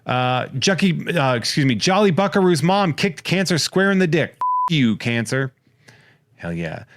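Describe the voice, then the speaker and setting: A man hosting a podcast in casual comedic chat, rattling off wry, crude shout-outs and jokes. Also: fairly high pitch, big pitch swings, normal speed, no echo. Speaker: podcast host.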